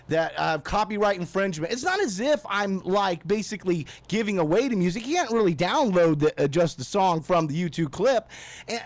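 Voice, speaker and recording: A male radio host rants bluntly and swears freely in a fairly high voice. His sound is close and dry, recorded in a radio studio. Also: no room sound. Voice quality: blunt, profane, ranting. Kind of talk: ranting radio talk.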